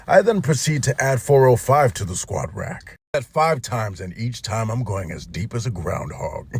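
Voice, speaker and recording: A man's voice: on the low side, lively intonation, normal speed, few pauses, breathy edge. A man in comedic storytelling, mocking and dramatic in his delivery.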